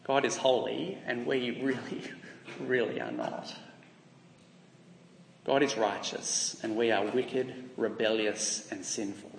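A man's voice: mid-range voice, fairly even intonation, slow pace, creaky, a little hiss or hum. A man with an Australian accent preaching a sermon in an earnest, emphatic way, asking rhetorical questions. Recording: echoey hall with long reverb.

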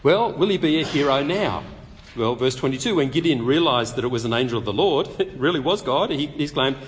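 A man preaching a sermon, telling the story lively and acting out the quotes. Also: mid-range voice, fairly quick, big-room sound, slight background noise.

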